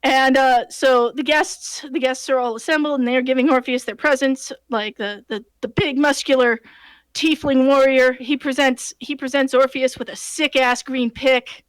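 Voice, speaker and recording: A woman game master casually retelling a tabletop session in an animated way, with many fillers and restarts. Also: high-pitched, moderate pace, dry recording. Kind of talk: casual storytelling.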